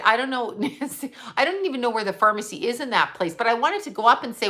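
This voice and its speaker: A woman hosting a casual livestream, telling rambling, animated stories with blunt, profane asides. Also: fairly high pitch, normal speed. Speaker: psychic medium livestream host. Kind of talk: casual live-stream chat.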